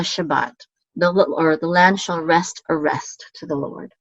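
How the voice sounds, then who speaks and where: Slow-talking woman teaching Hebrew chant. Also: no echo. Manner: patient and plain, with many fillers; chants the trope words slowly and higher. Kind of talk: online lesson with chanting. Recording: dull, lo-fi sound.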